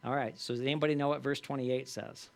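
Speaking in a medium pitch with a level, gravelly tone, this man teaches a Bible study in a chatty style. He often tosses quick tag questions to the group and gives scripture extra emphasis when reading it aloud.

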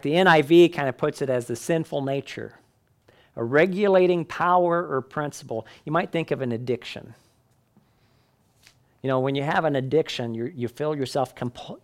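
A man's voice: mid-range voice, a little mellow. Conversational male Bible teacher. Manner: conversational, questions the class. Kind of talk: Bible class lecture.

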